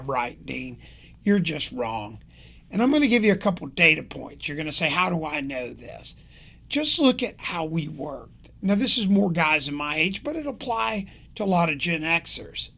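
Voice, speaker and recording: Older male podcast host, gravelly voice, passionate rambling rant, casual. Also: fairly high pitch, pushed and bright. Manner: passionate, conversational, rambling with fillers.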